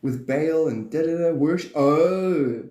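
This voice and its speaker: Male streamer, rambling and profane, laughs a lot; higher voice, mellow tone, roomy echo. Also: a little slow. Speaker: live stream host. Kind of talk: rambling casual live-stream chat.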